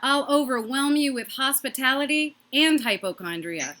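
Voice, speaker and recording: A woman doing a stand-up comedy set from her own microphone on a video call, delivering quick, punchy jokes and laughing at her own lines. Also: high-pitched, animated, pushed and bright. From Massachusetts.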